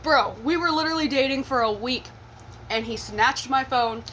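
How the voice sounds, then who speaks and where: Young woman, high-ish voice, blunt cussing storyteller who laughs as she goes; casual vlog delivery. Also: normal speed, a bit bright, a little hiss or hum. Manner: blunt and profane, with laughing asides. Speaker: vlogger telling a personal story.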